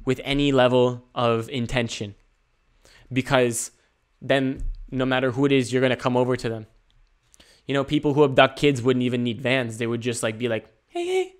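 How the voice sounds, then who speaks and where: Chill guy rambling on his own podcast, jokey, middle pitch. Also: clear, resonant tone. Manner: rambling, joking, laid-back. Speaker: podcast host. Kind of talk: casual solo podcast monologue.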